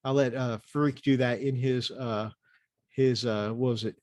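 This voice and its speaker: A male livestream host chatting loosely, circling back on his words with plenty of hesitation. His voice sits mid-pitch and the sound is close and dry. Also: steady tone, normal speed, darkish tone, no room sound. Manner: rambling, many fillers and restarts. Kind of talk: casual livestream chat.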